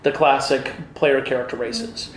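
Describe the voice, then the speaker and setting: A man's voice: mid-range voice, a little slow. A middle-aged man, a game designer, chatting eagerly in a casual interview at a convention, with many fillers. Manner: enthusiastic, animated storyteller with many fillers. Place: busy convention hall. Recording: echoey convention hall with faint ambience.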